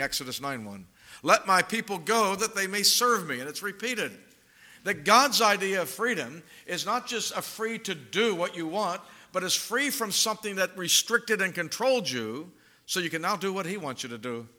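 Male pastor, high bright voice, emphatic sermon delivery with slow drawn-out pauses. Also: lively intonation.

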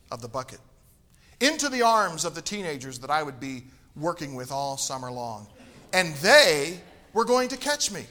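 A middle-aged man from Tennessee preaching a sermon, telling a funny personal story and swinging from quiet asides to loud, emphatic bursts. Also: fairly high pitch.

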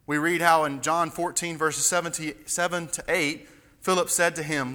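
Forceful preacher in a reverberant hall. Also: male voice, fairly high pitch, fairly even intonation, normal speed. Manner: emphatic, builds to impassioned, fervent preaching. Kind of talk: expository sermon. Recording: long reverb of a large hall.

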